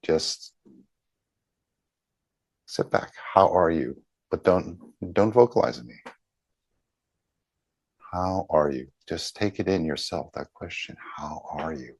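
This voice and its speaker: Male session leader, gentle and halting, low and unhurried, video-call audio. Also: animated, creaky, breathy edge, dry recording. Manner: slow, gentle, halting, with many pauses and fillers. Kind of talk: guided group healing session over video call.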